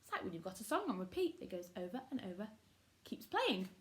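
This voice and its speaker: Woman teacher, phonics lesson for kids, lively sing-song pitch, encouraging, sounds out syllables. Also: quick pace. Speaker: primary school teacher. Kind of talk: phonics lesson for young children.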